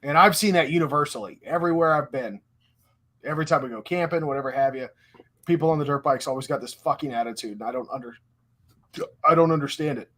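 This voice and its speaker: A man's voice: a little high, quick pace, fairly bright tone. A man co-hosting a podcast in casual chat, blunt, opinionated and profane. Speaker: podcast co-host.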